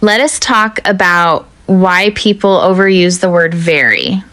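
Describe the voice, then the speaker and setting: A woman teaching an English lesson in a measured, deliberate way, speaking straight to the viewer. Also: on the low side, fairly bright tone, no room sound, faint music behind. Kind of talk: scripted teaching narration.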